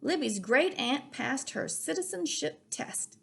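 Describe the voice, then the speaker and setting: A woman's voice: high voice, animated, unhurried, gravelly, a bit bright, voice pushed up, exaggerated voice. A woman reading a storybook aloud, voicing a kindly schoolteacher who explains things patiently to her class.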